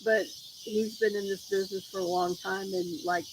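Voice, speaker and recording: A woman livestreams from her phone outside by a road at night, with loud crickets and insects and background noise in the recording. Speaking at medium pitch with fairly even intonation and normal speed, she rambles through stories and mimics what others said.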